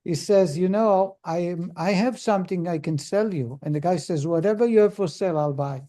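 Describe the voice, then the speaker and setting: Mellow-voiced rabbi telling a story. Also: male voice, high-pitched, fairly quick. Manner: acts out characters in the story, with frequent restarts and filler words. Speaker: rabbi teaching a Torah lesson. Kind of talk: storytelling in a lesson.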